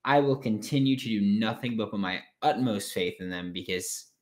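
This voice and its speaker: A man hosting a sports podcast late at night, talking casually, animated and frank, with some swearing. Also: lowish voice, normal speed.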